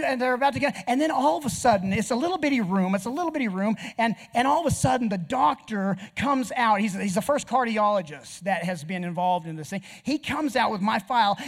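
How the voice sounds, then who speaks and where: Animated middle-aged male preacher. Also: very high voice. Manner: animated storytelling, swings from loud outbursts to near whispers. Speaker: pastor. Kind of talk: sermon.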